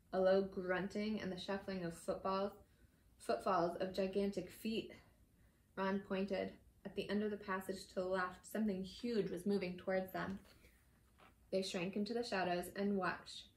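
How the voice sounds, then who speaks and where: A woman's voice: medium pitch, flat delivery, moderate pace. Woman reading a novel aloud. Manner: warm casual storytelling, occasional slips and self-corrections. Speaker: reader. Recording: echoey room.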